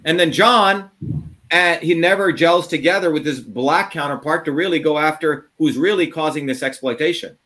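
A man ranting combatively in an interview, profane and heated, swinging between fast bursts and drawn-out words. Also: a little high, pushed and bright. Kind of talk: impassioned interview talk.

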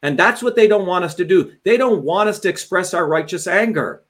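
A man's voice: high voice, brisk. Fiery, profane man ranting on a livestream. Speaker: host and political candidate. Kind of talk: livestream political talk.

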